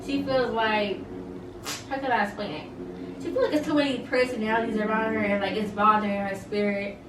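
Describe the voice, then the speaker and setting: A woman's voice: mid-range voice, steady tone, a little fast, noisy background. A young woman recapping a reality show in casual chat, blunt and opinionated, with many fillers. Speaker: reality TV reviewer. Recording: roomy, mic at a distance, faint ambience.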